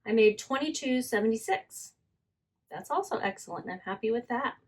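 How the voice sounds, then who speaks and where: A woman's voice: on the high side, animated, brisk, darkish tone, breathy edge. Chatty woman reviewing her sales. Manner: chatty, self-correcting, reads listing details aloud. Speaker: online reseller. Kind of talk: casual selling vlog.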